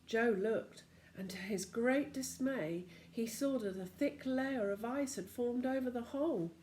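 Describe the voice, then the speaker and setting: An older woman, a grandmother, reads a storybook aloud to her grandchildren in an expressive storytelling manner. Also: a little high, unhurried, a little hiss or hum.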